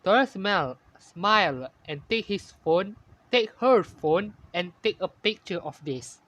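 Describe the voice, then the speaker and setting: A man narrating a fan-made story in halting, ungrammatical English, often correcting himself. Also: high voice, lively intonation, fairly bright tone, highs cut off.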